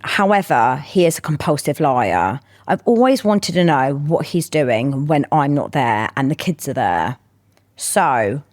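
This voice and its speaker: A woman's voice: low-pitched, no echo, studio quality. A woman co-hosting a podcast, reading a listener confession aloud and then explaining it with playful asides. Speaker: podcast co-host.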